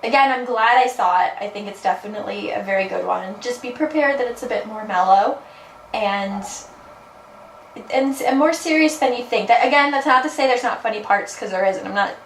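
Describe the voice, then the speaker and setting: A woman co-hosts a casual movie review, talking in a relaxed way and often restarting her sentences. Her voice is fairly high. She sounds distant and echoey, with a faint hum behind her. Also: fairly quick. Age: 20s or 30s. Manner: relaxed, hesitant restarts, laughs. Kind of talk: casual chat. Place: in a car.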